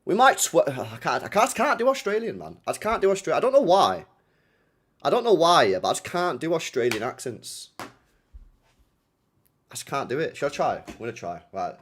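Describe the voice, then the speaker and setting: A man's voice: a little high, very animated, brisk, a little hiss or hum. A young man chatting casually to his live stream audience, rambling with slang, swearing and frequent laughter. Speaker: streamer hosting a football watchalong.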